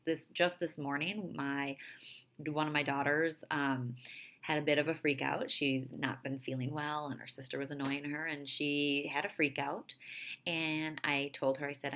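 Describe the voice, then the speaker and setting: A woman in her thirties hosting a podcast, talking earnestly and confidingly about her own life and parenting, slowing down to soften key points. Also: low voice, fairly even intonation. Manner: earnest, confiding, with soft slowed emphasis. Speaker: podcast host. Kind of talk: personal reflective monologue.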